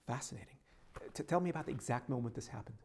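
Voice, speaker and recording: A man playing a calm therapist who asks quiet, probing questions. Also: medium pitch, racing, a little hiss or hum, lightly acted. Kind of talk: comedy sketch acting.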